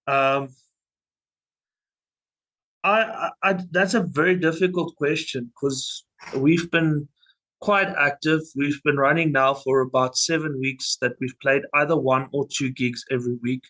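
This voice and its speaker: Speaking slowly with long pauses, this young band vocalist rambles through stories in a relaxed interview, full of restarts and fillers. His voice is fairly high, steady, bright and forceful, on a rough recording.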